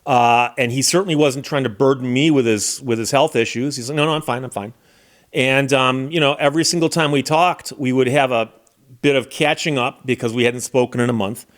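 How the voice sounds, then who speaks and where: A man's voice: medium pitch, a little fast. Somber, reflective American man. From United States. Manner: somber, reflective, with frequent restarts. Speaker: lawyer and YouTube host. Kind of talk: casual monologue to camera.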